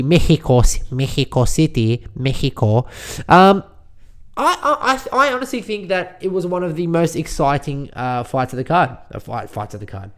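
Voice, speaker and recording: Australian man with a slightly high voice. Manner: rambling and jokey, with many fillers and restarts. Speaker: podcast host. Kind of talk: casual solo podcast recap.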